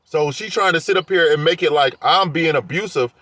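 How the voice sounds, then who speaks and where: Male vlogger, fairly high-pitched, heated defensive rant. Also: brisk, fairly bright tone, dry recording. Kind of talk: casual rant to camera.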